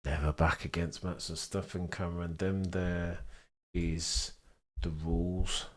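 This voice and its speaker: Low-voiced chatty British man. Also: unhurried. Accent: British English. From England. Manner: chatty, rambling, easily excited. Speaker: livestream host. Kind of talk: live sports watchalong commentary, reading chat.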